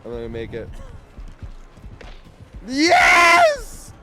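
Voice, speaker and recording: A man giving gameplay commentary, sarcastic, breaking into yells and laughs. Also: lowish voice, expressive, brisk, music in the background. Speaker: gaming YouTuber.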